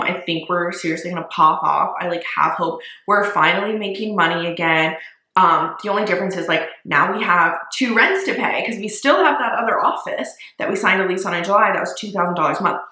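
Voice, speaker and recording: A woman's voice: fairly low pitch, sharp tone, roomy sound. A young woman and small business owner talking casually to camera in a vlog, full of "like" and casual swearing. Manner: chatty, says "like" a lot, swears casually.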